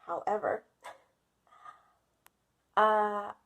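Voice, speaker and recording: A woman's voice: mid-range voice, fairly even intonation, drawn-out words, a bit bright. A woman vlogger telling a casual storytime, dramatic and self-mocking, often laughing.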